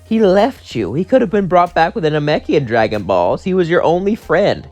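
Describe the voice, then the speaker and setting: A man voicing a gloating alien sorcerer in a high, taunting voice. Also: big pitch swings, normal speed, a little mellow, faint music behind.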